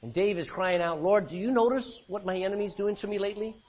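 Man, pastor, sermon, husky voice, muffled lo-fi recording. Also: high voice, fast. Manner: reads scripture verse by verse, then explains with questions to the congregation. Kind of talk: expository sermon reading scripture.

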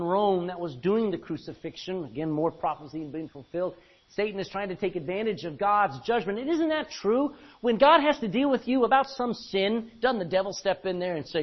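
A male preacher delivering a folksy, emphatic sermon that swings from loud to quiet and calls for amens. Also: sits high, slightly rough. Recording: dull lo-fi recording.

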